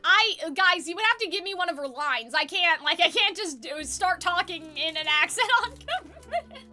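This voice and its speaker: A young woman hosting a casual livestream discussion, animated and giggly, rambling with lots of fillers. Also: very high voice, normal speed. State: sore throat. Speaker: streamer host.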